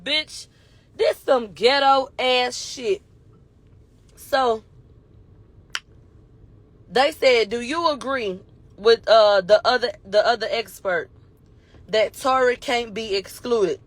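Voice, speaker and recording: Woman with a high voice ranting through court recap, cussing, close dry mic. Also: no room sound. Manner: animated retelling with profanity and acted-out quotes. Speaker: commentary host. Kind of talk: casual commentary recapping court testimony.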